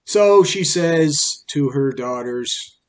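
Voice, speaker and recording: A man's voice: fairly high pitch, animated, slow pace. A man casually retelling a fable in a rambling, conversational way with fillers. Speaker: storyteller.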